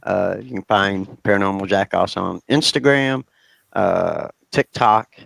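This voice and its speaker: A man who is a guest on a podcast, talking in a relaxed, easygoing way with hesitations. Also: low voice, a little slow, vocal fry, no echo. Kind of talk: casual chat.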